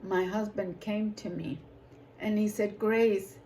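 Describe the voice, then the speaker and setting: A woman who leads a ministry, giving a personal testimony in a slow, emotional way that rises to emphatic outbursts. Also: mid-range voice, fairly even intonation, dark tone, slight background noise, rough recording. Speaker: ministry leader.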